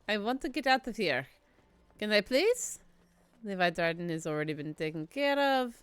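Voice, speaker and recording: A woman's voice: medium pitch, smooth, no room sound. A woman giving casual let's-play commentary, chatty and wry, talking to herself and the game as she plays. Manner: swears casually. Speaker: gamer playing through a story game.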